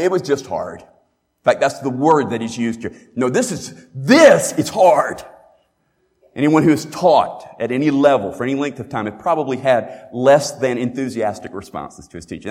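A man's voice: medium pitch, a little mellow. A man preaching a sermon as pastor, emphatic, asking rhetorical questions and repeating key phrases. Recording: long reverb in a large hall.

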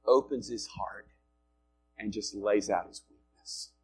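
A male pastor preaching a sermon in a conversational way, rising loud and dropping quiet to make his points. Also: fairly low pitch, slow pace, faint music behind. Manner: conversational preaching with wide swings in loudness.

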